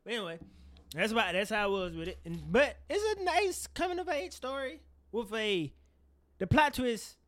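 Guy on a podcast, high bright voice, real animated, cussing a lot, dry room. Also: moderate pace, no echo. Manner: animated, swearing, laughs often. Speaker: podcast co-host. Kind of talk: casual chat.

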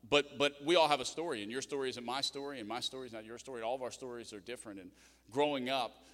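Male pastor, storytelling sermon, mid-pitched voice, long church echo. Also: a bit bright. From Louisiana, USA. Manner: conversational storytelling, emotional, quick asides. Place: church sanctuary. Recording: long reverb of a church hall.

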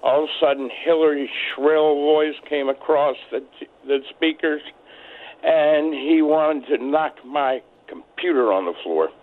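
A man from Maryland calling in to a radio show, telling a story in a halting, rambling way with many fillers. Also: fairly high pitch. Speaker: caller. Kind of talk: phone call to a radio show. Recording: tinny phone line.

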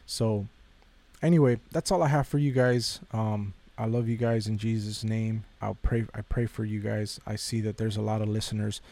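A man's voice: lowish voice, steady tone, moderate pace, warm tone. A man hosting a podcast, giving a casual devotional talk in a conversational way, repeating phrases and addressing listeners directly. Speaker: podcast host.

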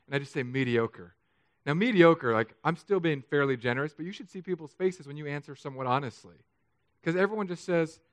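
A pastor preaches a sermon in a candid, self-deprecating way, shifting between quiet, confiding stretches and emphatic, raised passages. His voice is medium in pitch and a little fast, with no room sound.

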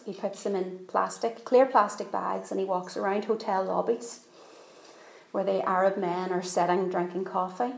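A woman's voice: medium pitch, gravelly, a little mellow, roomy sound, poor audio. A woman preaching a sermon, telling a story earnestly and repeating phrases for emphasis.

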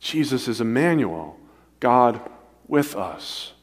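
A man's voice: mid-range voice, big pitch swings, slow. Preaching man in a reverberant hall. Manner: dynamic delivery, swinging between emphatic and hushed. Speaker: pastor. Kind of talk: sermon. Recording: long reverb of a large hall.

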